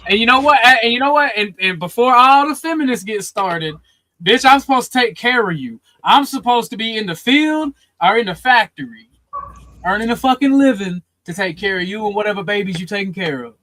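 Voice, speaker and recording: A man's voice: sits high, brisk, sharp tone, dry recording, low-quality recording. A man with a Southern US accent hosting a heated call-in panel, blunt and profane. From Southern United States. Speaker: host.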